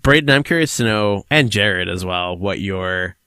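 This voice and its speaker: Podcast host, man, bright and lively, loose casual swearing. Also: on the low side, normal speed, clear, resonant tone, no room sound, studio quality. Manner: swearing, rambling, leads topics. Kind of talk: casual chat.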